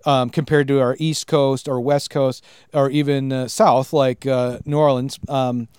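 A man's voice: mid-range voice, flat delivery, a little slow, darkish tone, clean tone, dry recording, clean studio sound. Laid-back Minnesotan man hosting. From Minnesota, US Midwest. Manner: easygoing, laughs often, frequent "um". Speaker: podcast host. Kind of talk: casual podcast interview.

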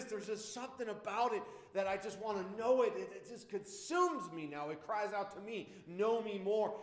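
A man's voice: a little high, reverberant. A man leading a Bible study, preaching with fervent, repetitive emphasis and bursts of praise.

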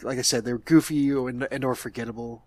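A man's voice: mid-range voice, fairly even intonation, fast talker, no echo. A man talking casually about a movie he reviews with friends, hesitant and repeating words as he thinks. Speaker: podcast co-host.

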